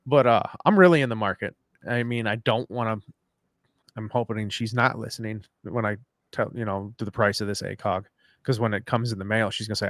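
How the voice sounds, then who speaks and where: A man's voice: lowish voice, steady tone, brisk, a bit bright, no room sound, studio quality. A man co-hosting a live podcast, chatting loosely and rambling, swearing casually. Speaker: podcast co-host. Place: at home after dinner.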